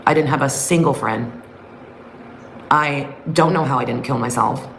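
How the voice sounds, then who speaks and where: A woman's voice: extremely low pitch, a little slow, gravelly, a little hiss or hum, rough recording. A middle-aged woman recounting a painful memory from her past in a raw, emotional way. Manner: emotional, raw confessional retelling. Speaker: storyteller. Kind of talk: personal storytelling. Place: her bedroom at home.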